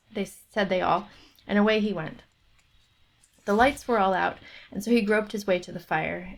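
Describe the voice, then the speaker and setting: A woman narrating a fairy tale aloud on a book club stream in a steady storytelling manner. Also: mid-range voice.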